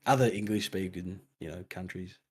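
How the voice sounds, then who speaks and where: A man's voice: sits low, normal speed, slightly rough. A man with an Australian accent, chatting casually as a podcast guest, laid-back and laughing easily at himself. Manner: laid-back, laughs a lot, self-deprecating. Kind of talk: casual chat.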